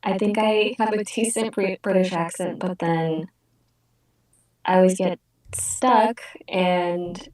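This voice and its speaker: A woman's voice: on the low side, fairly even intonation, slow, a little mellow. A woman chatting in a group meeting, hesitant and full of fillers. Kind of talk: casual chat. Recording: echoey room, distant mic.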